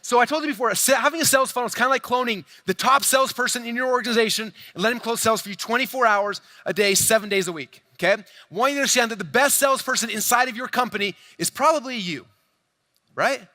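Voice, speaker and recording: A man on stage giving a sales talk to a big crowd. He speaks fast and with lots of energy, in a high voice that stays close and dry even though he is in a large hall. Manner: energetic, playful, addresses audience directly.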